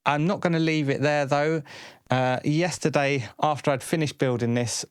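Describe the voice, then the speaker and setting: A man explaining a DIY synth build in a relaxed, tentative way, thinking aloud with small hesitations. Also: fairly high pitch, moderate pace, clean tone, no room sound. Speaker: electronics video host. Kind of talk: casual hands-on explanation. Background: synth tones playing.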